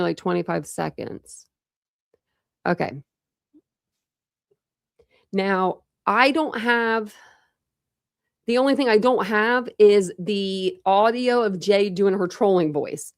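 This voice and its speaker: A woman's voice: mid-range voice, gravelly, no echo, clean studio sound. A woman hosting a true crime livestream, chatting casually with viewers and thinking aloud with many restarts. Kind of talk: casual chat with live viewers.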